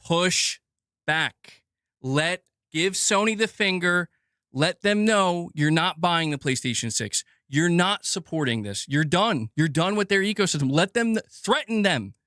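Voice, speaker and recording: Guy ranting on his stream, high bright voice, sarcastic and swearing a lot, dry sound. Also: animated, measured pace, no room sound. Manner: sarcastic, heated and profane. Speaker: gaming news streamer. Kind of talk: livestream rant.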